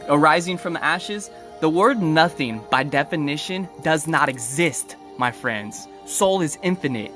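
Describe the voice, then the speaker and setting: A man's voice: fairly high pitch, a bit bright. A man outdoors ranting preachily on a live video from his phone, rambling and restarting words as he addresses viewers by name. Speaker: livestreamer. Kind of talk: impassioned live video rant.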